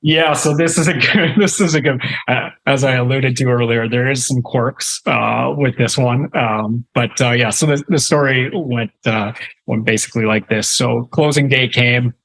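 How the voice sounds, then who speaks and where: A Canadian man in his thirties tells a story as a podcast guest in a medium-pitched voice. He rambles with plenty of fillers and restarts and chuckles as he goes. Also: normal speed, a bit bright, low-quality recording. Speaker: guest real estate investor. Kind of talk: casual storytelling in a podcast interview.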